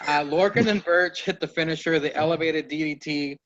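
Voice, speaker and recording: A man's voice: fairly high pitch, a little fast, fairly bright tone, lo-fi sound. A man co-hosting a wrestling podcast, recapping a match in an easygoing, casual way. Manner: easygoing, tries and drops accents. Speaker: podcast co-host.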